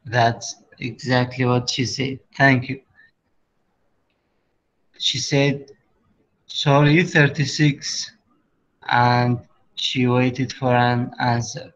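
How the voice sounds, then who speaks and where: A man teaching an English class, explaining slowly with pauses and fillers, sometimes switching to Arabic. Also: medium pitch, completely flat delivery, fairly bright tone, highs cut off. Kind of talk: online class lesson.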